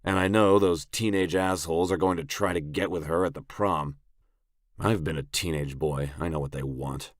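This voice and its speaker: A man reading a first-person audiobook narration in a gruff, blunt, brooding manner, close on the mic. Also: deep voice, fairly even intonation, normal speed, dry recording.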